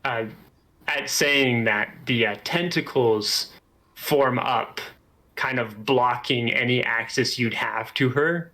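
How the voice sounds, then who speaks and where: A man narrating as game master of a tabletop game in a relaxed way, with filler pauses. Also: medium pitch, poor audio.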